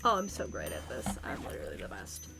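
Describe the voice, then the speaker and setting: A woman chatting quickly and playfully to her stream chat while she plays a cozy innkeeping game. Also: rumbling low, wildly swooping pitch, creaky, over music.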